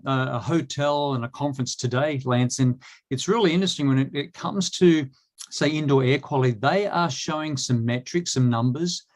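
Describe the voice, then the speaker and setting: A man with an Australian accent, talking casually as a guest. He speaks haltingly, restarting and stumbling over his words as he goes. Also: fairly high pitch. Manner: halting, many restarts and fillers. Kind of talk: casual chat.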